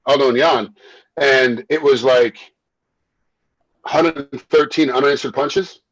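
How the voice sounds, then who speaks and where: A man who works as a fight referee and once fought himself, telling stories in a casual interview, animated and quick to repeat himself and laugh. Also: mid-range voice, dry recording, poor audio. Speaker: MMA referee and former fighter.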